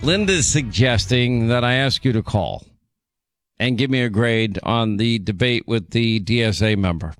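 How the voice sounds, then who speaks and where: A talk radio host with a New York accent trades playful jabs with his co-host. His voice sits at an everyday pitch. It is close-miked in a dry studio with no room sound. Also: no echo, faint music behind. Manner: playful teasing, quick asides. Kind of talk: casual on-air banter.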